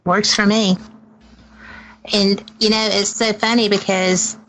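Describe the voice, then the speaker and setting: A woman's voice: medium pitch, flat delivery, slow pace, fairly bright tone, a little hiss or hum, poor audio. A woman from Alabama hosting a radio talk show, upbeat and enthusiastic. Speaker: radio host.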